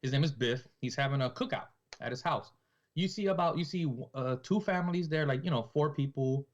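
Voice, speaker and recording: A man in his forties co-hosts a podcast, chatting casually and rambling as he retells scenes. His voice is a little high and brisk, and the audio sounds dull.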